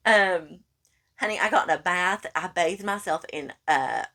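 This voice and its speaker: Woman podcaster, lower register, animated casual storyteller who keeps saying "honey.". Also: takes it slowly. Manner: animated, acts out quoted lines, calls listener honey. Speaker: podcast co-host.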